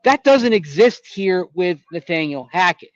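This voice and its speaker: A man co-hosting a sports radio show, explaining calmly and at length. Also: high-pitched, unhurried, dry recording, lo-fi sound. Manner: calm, explanatory, with fillers and restarts. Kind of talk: measured sports talk analysis.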